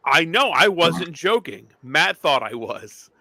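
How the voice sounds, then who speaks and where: Bright, animated man joking around. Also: fairly high pitch, slow, creaky, dry recording. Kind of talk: casual wrestling chat.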